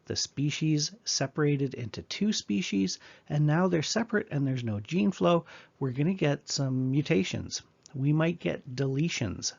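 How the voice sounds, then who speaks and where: A man's voice: medium pitch, vocal fry, lo-fi sound. A man teaching biology in a conversational, explanatory lecture with casual asides. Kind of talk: recorded lecture.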